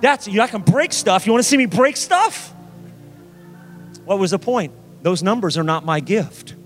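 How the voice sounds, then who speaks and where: A pastor delivering a sermon, emphatic and repeating key phrases for weight. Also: male voice, high-pitched, animated, moderate pace, faint music behind.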